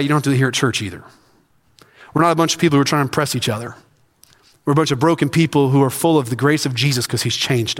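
A man delivers a sermon from the pulpit, his voice sitting a little high for a man. He presses his points through repeated, building phrases. The sound carries the long reverb of a church sanctuary. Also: a bit bright. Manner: preaching with rising emphasis and repetition. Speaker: senior pastor.

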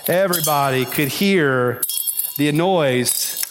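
A man's voice: a little high, takes it slowly, over music. A man preaching a sermon as pastor, earnest and emphatic, pressing his listeners with repeated appeals. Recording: long reverb of a large hall.

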